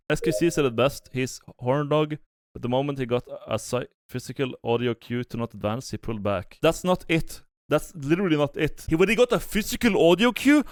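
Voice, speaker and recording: Young male streamer, casual reaction commentary, halting and profane, very dry close sound. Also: fairly high pitch, no room sound. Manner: rambling, many restarts and fillers, blunt profanity.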